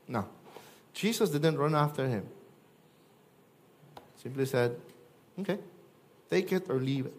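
Animated man preaching. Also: measured pace, pauses often. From Philippines. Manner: animated, acts out quoted voices with big pitch jumps. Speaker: pastor. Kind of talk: sermon.

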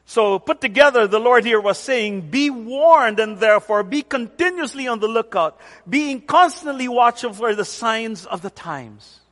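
A male pastor delivers a sermon with a high, bright, ringing voice. He speaks deliberately and with emphasis, repeating key words. The sound carries a long hall reverb. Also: lively intonation. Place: church center with rain on the roof.

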